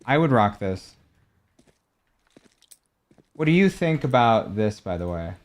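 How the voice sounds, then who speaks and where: A man's voice: lowish voice, slow pace. Laid-back young man chatting to viewers. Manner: relaxed, chatty, answers viewers' questions. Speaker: gaming streamer. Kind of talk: casual chat while showing game skins.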